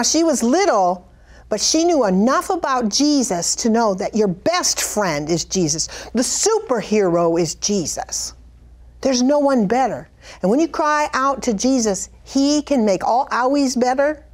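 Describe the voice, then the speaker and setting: A middle-aged woman giving an impassioned Christian testimony and prayer, fervent and pleading, her voice climbing high when she cries out. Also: darkish tone. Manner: fervent, pleading, rises high on cried-out lines. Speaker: Christian speaker sharing a vision.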